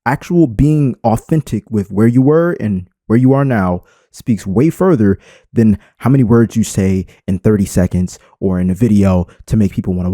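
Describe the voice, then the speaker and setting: A man's voice: on the low side, mellow, no echo, clean studio sound. A man giving an unscripted screen-recorded tutorial and talking straight to his viewers. He leans hard on emphasis and shifts his inflection on purpose. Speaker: YouTube creator.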